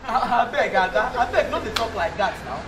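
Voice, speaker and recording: An actor playing an easygoing boyfriend with a Nigerian accent, talking in a coaxing, pleading way. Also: male voice, extremely high pitch, expressive, fairly quick, crowd noise, noisy background. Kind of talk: comic TV drama. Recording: roomy, distant mic.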